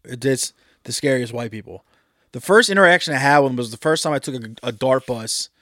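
A man's voice: mid-range voice, brisk, fairly bright tone, no echo, studio quality. A man co-hosting a podcast, telling rambling, profane stories in casual chat. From Delaware, US. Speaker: podcast co-host.

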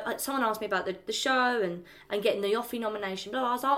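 A woman co-hosting a podcast in casual, animated chat, acting out the voices of people she quotes. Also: medium pitch, racing. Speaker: podcast co-host.

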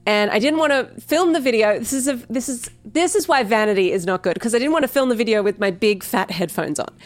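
A woman's voice: a little high, animated, fast talker, no echo. A woman hosting a casual solo podcast, chatty and upbeat, poking fun at herself. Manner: chatty, upbeat, self-deprecating, laughs often. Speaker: podcast host. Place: home recording setup. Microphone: headphones and studio mic.

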